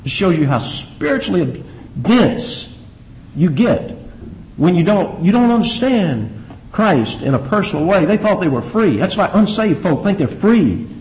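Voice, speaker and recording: A male pastor teaching scripture in a lively, swinging voice, his pitch pitched a little high and jumping up sharply for emphasis. He fires rhetorical questions at the congregation. The recording sounds dull and lo-fi. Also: measured pace. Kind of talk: expository sermon.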